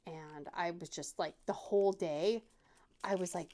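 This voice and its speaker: A woman's voice: on the low side, fairly even intonation, unhurried, mellow, a little hiss or hum. A woman hosting a craft channel, telling a casual, self-deprecating story with many fillers and restarts.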